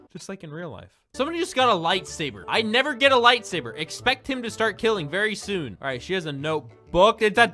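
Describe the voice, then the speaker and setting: High, bright excitable young man gaming. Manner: excitable and jokey, yelling at other players. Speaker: gaming video creator. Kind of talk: gameplay commentary. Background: game music.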